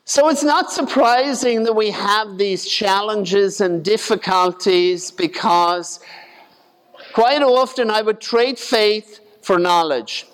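A man's voice: high voice, slow pace, fairly bright tone, smooth, long reverb tail. A man preaching a sermon in a conversational way, acting out the voices of the people in his retelling.

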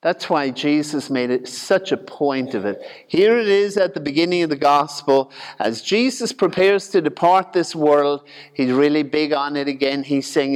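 A man's voice: on the high side, moderate pace, clear, resonant tone, in a large hall. A man preaching a sermon in a conversational, folksy way, with asides and humor.

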